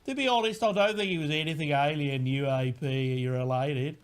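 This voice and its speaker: A man's voice: on the high side, moderate pace, natural voice. A man reading out a listener's spooky story as an Australian woman, in an exaggerated put-on Australian accent. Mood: storytelling.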